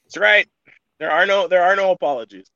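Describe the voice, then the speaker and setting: Loud high-voiced brash man. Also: expressive, fairly quick, creaky, dry recording, lo-fi sound. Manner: loud, brash, swears freely. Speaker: podcast co-host. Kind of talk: casual chat.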